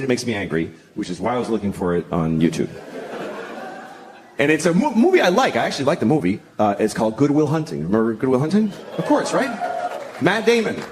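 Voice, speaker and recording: A sardonic man doing a stand-up set on a club stage, building to shouted rants, over a loud crowd. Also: medium pitch, slight background noise. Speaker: stand-up comedian.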